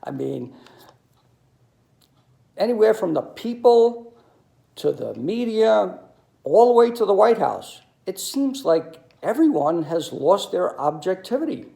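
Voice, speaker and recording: A man, telling stories in a halting monologue full of ums and uhs. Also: high-pitched, sing-song, gravelly, mellow. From New York City. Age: 60s. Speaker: video commentator. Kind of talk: monologue to camera.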